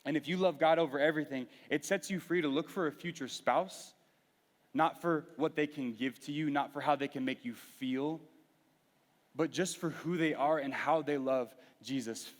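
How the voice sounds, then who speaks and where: Preaching to a youth group in a hall with noticeable reverb, a young man speaks at a moderate pace in a voice on the high side. The youth pastor shares a personal story with earnest candor, frequently starting over mid-thought.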